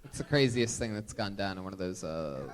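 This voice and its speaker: A man's voice: low voice, animated, fairly quick, a little hiss or hum. A man hosting a live comedy podcast, teasing guests with sarcastic questions. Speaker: podcast host.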